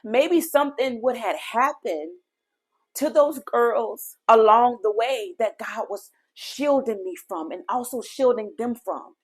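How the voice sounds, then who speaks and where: A woman's voice: on the high side, animated, measured pace, breathy edge. Earnest woman sharing a faith testimony. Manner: earnest, heartfelt storytelling; addresses listeners directly. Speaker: podcast host.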